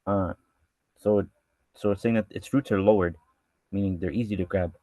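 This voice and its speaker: A man's voice: deep voice, fairly even intonation, normal speed, dark tone, no room sound. A man teaching a verse-by-verse scripture lesson who reads each Arabic line and then explains it casually, often restarting his sentences. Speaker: religious studies teacher.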